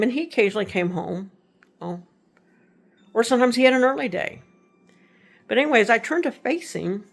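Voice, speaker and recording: Rambling woman telling a ghost story, gravelly. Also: mid-range voice. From Texas. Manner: rambling, self-correcting, conversational. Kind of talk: casual spoken storytelling.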